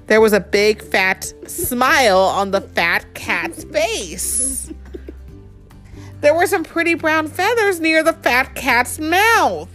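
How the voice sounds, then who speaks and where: A woman reading a picture book aloud to a child in a playful, expressive storytelling voice. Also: high voice, takes it slowly, faint music behind. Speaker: reader.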